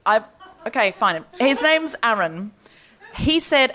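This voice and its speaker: A woman hosting a live comedy podcast, telling a story on stage with lots of laughing and animated delivery. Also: on the high side, takes it slowly.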